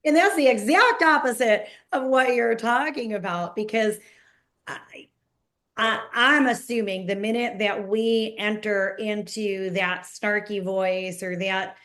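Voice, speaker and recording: A woman's voice: mid-range voice, a little slow, a bit bright. A woman podcast host with a Brooklyn accent, chatting casually and giving everyday examples. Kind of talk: casual interview chat.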